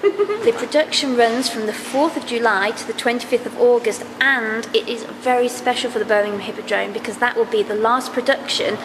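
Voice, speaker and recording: A woman's voice: on the high side, brisk, background noise. A woman reporting playfully from a press launch, jokey and bubbly, laughing often. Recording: echoey hall with loud background.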